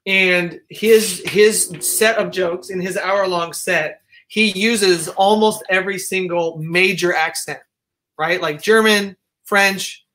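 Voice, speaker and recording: A man from the United States hosting a casual discussion, talking in a digressive, halting way with many restarts. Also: sits high, fairly even intonation, bright, forceful tone. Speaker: host.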